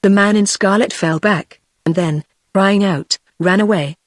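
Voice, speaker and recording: A text-to-speech voice of a woman with a British accent, narrating an audiobook in an even, measured way. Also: medium pitch, dry recording, clean studio sound. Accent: British English. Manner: even, measured synthetic delivery.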